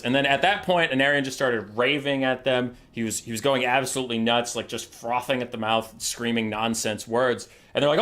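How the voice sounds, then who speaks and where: A man's voice: medium pitch, fairly quick, hardly any pauses, fairly bright tone. A man streaming a strategy game, telling a rambling, sweary comic story as he plays.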